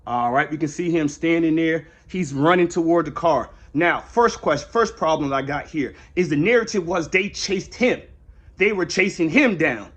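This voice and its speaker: Angry, cussing American preacher-commentator. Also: male voice, fairly high pitch, moderate pace, a bit bright, muffled recording. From United States. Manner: angry, profane, repetitive and preachy. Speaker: ministry commentator. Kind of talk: heated commentary rant.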